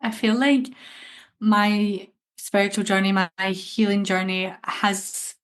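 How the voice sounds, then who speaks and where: A woman's voice: medium pitch, fairly even intonation, slow. A young woman co-hosting a spiritual podcast, talking earnestly and reflectively in casual chat, often repeating phrases. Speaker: podcast co-host.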